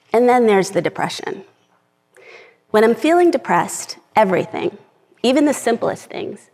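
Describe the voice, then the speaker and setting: A woman's voice: medium pitch, a little mellow. Earnest woman speaking in a reverberant hall. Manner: earnest, reads from a script, gets emotional at times. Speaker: speaker giving a talk. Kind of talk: personal talk to a live audience. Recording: long reverb of a large hall.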